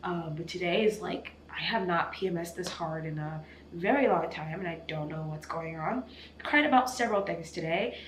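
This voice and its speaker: A woman's voice: lowish voice, normal speed, slight background noise. A woman in her twenties, teary from crying, talking candidly and rambling in a self-mocking way to her vlog camera. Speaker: vlogger. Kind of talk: casual vlog talk to camera. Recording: echoey room.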